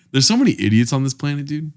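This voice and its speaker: Crude, joking podcast host. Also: male voice, on the high side, mellow. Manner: crude, joking, rambling storyteller. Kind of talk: casual chat.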